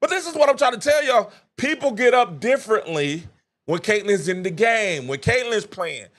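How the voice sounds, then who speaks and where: A man hosting a live sports talk show, excitable and chatty, breaking into laughter and acting out conversations as he talks. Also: high voice, moderate pace. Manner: excitable, laughs mid-sentence, acts out quoted exchanges. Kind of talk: animated live sports commentary.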